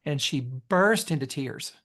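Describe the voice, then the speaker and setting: A man hosting a podcast interview, talking expressively, telling stories and laughing easily. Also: mid-range voice. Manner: expressive, storytelling, quick to laugh. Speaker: podcast host. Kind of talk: conversational interview.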